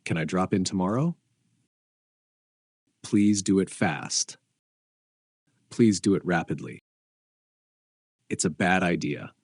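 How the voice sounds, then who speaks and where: Slow deep-voiced man reading phrases. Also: slightly rough, dry recording, studio quality. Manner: slow, evenly spaced, deliberate delivery. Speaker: English phrase reader. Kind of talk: reading short practice phrases.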